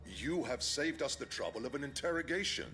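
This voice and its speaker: An actor playing a stern, menacing male soldier commander in a video game, speaking formally and with measured threat. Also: mid-range voice, big pitch swings, pushed and bright, soft background music. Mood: cold, menacing.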